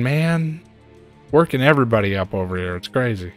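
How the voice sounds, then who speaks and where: A man streaming a game and chatting casually, ranting in an animated way and jumping to high exclaims. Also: a little fast, no echo, soft background music. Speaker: gaming streamer. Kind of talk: casual chat while playing a game.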